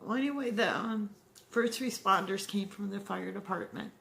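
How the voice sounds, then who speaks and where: A woman in her forties telling her own story in a halting, emotional way, with many fillers and restarts. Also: mid-range voice, creaky, a bit bright. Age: 40s. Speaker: heart attack survivor telling her story. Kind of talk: personal storytelling to camera.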